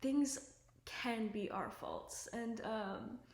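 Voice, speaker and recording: A woman's voice: a little high, very slow, gravelly, a little mellow. A woman giving self-improvement advice to camera at home, talking casually and earnestly, with lots of "like" and "um". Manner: earnest and chatty, full of "like" and "um". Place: at home indoors. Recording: echoey room with faint ambient noise.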